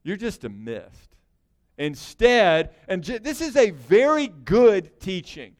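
A man preaching a sermon in a folksy, joking way, his voice swinging between loud bursts and hushed asides. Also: high-pitched, sing-song, slow pace. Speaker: pastor.

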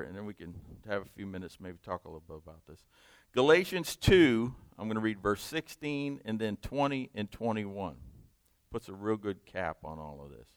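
A man leading a Bible study, reading scripture slowly and explaining it in a conversational way. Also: lowish voice, smooth, no room sound. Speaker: Bible teacher.

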